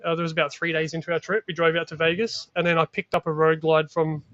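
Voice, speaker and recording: Brief: energetic Australian male guest, slangy storyteller, slightly high voice, dry close sound. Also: quick pace, no room sound, muffled recording. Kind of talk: casual chat.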